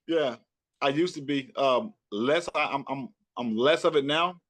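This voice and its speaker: A man with a Southern US accent, a rapper talking loosely and repeating himself in a relaxed interview chat. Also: mid-range voice, a little slow. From Texas. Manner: loose, repetitive, laughing often. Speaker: rapper and podcaster guest. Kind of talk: casual chat.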